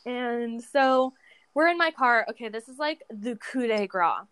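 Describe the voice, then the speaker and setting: Woman on a podcast telling a wild date story, swears a lot, kinda high voice, dry close sound. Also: measured pace, clean tone, no echo. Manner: animated, swearing, laughs through stories. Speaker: podcast co-host. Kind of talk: casual chat, storytelling.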